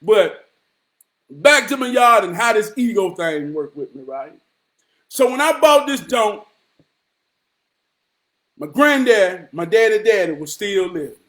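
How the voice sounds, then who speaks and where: High-voiced man preaching hard, profane and fiery. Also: sing-song, unhurried, long pauses, a bit bright. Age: 40s. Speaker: motivational vlogger. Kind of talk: impassioned motivational monologue.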